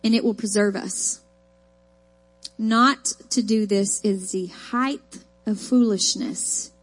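A woman's voice: mid-range voice, steady tone, takes it slowly. A woman preaching a sermon, mixing folksy personal stories with emphatic, rising declarations.

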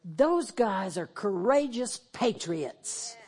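A woman's voice: medium pitch, lively intonation, slow, a little mellow, slightly rough. Woman, preacher, church sermon, emotional. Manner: emotional, shifts between fervent and tearful. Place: church sanctuary, televised.

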